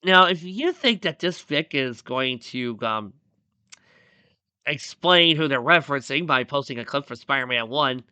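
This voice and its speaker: Casual fic narrator, animated with cheeky audience asides, bright and dry. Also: medium pitch, unhurried, clear, resonant tone, no room sound. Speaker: fan fiction reader. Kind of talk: casual reading aloud with asides.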